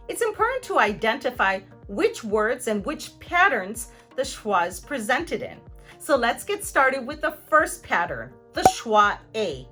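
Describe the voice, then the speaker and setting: Bright, lively woman teaching pronunciation. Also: fairly high pitch. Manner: playful, jokey, clearly articulated examples. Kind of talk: scripted teaching explanation.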